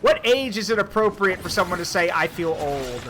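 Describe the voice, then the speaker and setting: A man streaming a game, telling stories in an animated way with swearing and asides, in casual chat. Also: high voice, a little fast, a little hiss or hum. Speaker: streamer and host.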